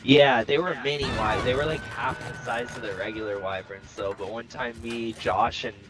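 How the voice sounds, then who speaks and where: A young man in a relaxed gaming chat, telling stories in a loose, profane, animated way. His voice sits at an ordinary middle pitch, and faint noise hums behind it. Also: moderate pace. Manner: profane, rambling storyteller, animated.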